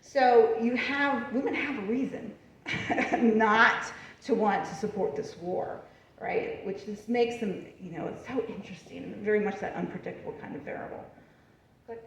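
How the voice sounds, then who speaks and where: Woman giving a lively talk in a roomy hall. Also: mid-range voice, moderate pace, slight background noise. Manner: lively, chatty, laughs often, asks the audience "right?". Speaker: history lecturer. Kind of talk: public library talk with slides. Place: library event room. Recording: far from the mic, roomy and dull.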